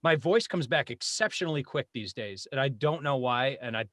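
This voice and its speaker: A man in his forties, a voice actor guest chatting casually on a podcast, animated and laughing often. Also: medium pitch, normal speed, no room sound, studio quality.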